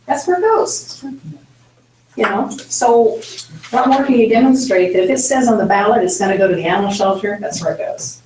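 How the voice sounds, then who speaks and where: A woman's voice: medium pitch, animated, moderate pace, warm tone, a little hiss or hum. A woman commissioner speaking plainly and defensively at a public meeting. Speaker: county commissioner. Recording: roomy meeting hall from far off.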